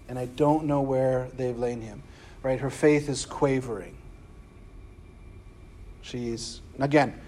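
A man preaching a casual Bible class, conversational and full of "right?" and slangy asides. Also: mid-range voice. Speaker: preacher teaching a scripture class.

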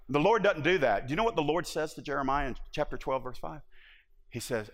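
A man's voice: medium pitch, lively intonation, fairly quick, a bit bright. A man preaching a sermon in an impassioned, emphatic way, often restarting his words. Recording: long reverb of a large hall.

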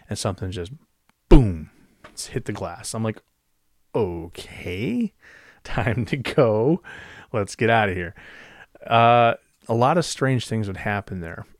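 In a dry, clean studio recording, a lowish-voiced man in middle age recalls odd stories from his days and beyond as a former radio DJ. His telling is laid-back and casual, with plenty of fillers and false starts.

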